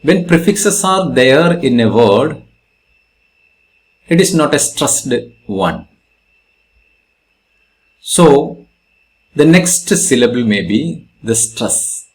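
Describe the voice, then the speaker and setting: A male English teacher with an Indian English accent explains spelling rules in a grammar lesson. He talks slowly, with a pitch that rises and falls a lot, and he stresses syllables and repeats each example. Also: lively intonation.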